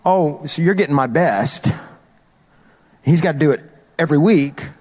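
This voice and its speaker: A man's voice: fairly high pitch, moderate pace, mellow. A male traveling evangelist preaching a sermon in an emphatic, colloquial way, repeating phrases for punch.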